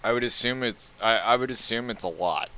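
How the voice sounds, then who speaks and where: A man's voice: mid-range voice, a little fast, pushed and bright, smooth. A man chatting casually as a live streamer, jokey and rambling, often breaking into laughter.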